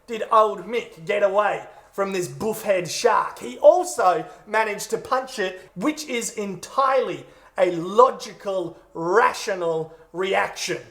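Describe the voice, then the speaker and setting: A man's voice: high-pitched, slow pace. An Australian man giving crude, mock-outraged comedic commentary on clips. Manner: profane, mock-outraged, animated. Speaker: comedy video narrator.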